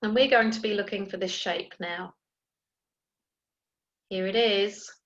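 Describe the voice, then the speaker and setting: A woman teaching an early years phonics lesson, sounding out letters slowly and clearly and encouraging young children. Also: mid-range voice, steady tone, muffled recording. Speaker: primary school teacher.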